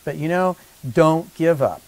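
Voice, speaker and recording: A man's voice: fairly high pitch, a little slow, poor audio. Man doctor explaining hormone therapy casually. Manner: conversational, animated when acting out exchanges. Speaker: physician. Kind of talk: educational talk to patients.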